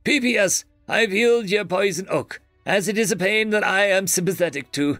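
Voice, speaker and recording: A man's voice: high-pitched, normal speed, a bit bright, no room sound, soft background music, pitched above the performer's own voice. A man voicing a dry, sardonic wizard writing a note in a storybook reading.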